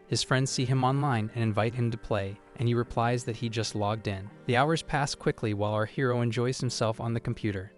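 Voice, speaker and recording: A man narrating a comic-story recap in an even, scripted third-person telling. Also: mid-range voice. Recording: faint music behind the voice.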